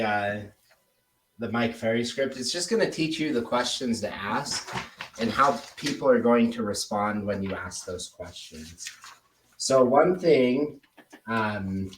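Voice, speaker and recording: A man talking through sales scripts with a trainee in a relaxed, conversational way. He speaks at an ordinary middle pitch. The recording sounds roomy, with a noticeable echo. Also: recorded from a distance, slight background noise. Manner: relaxed, demonstrates tone with example phrases. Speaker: sales coach. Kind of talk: casual one-on-one coaching.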